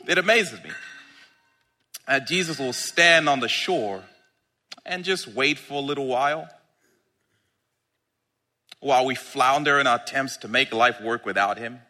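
An excitable male pastor preaching a sermon, laughing as he goes and leaning into drawn-out words. His voice is bright and swings widely in pitch, though he takes his time. It rings through a large reverberant church hall.

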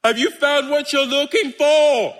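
Preacher guy doing jesus calling out teasing, high and bouncy, big hall echo. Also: big pitch swings, a little slow, husky, exaggerated voice. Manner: playful, raised and bright, laughing between lines.

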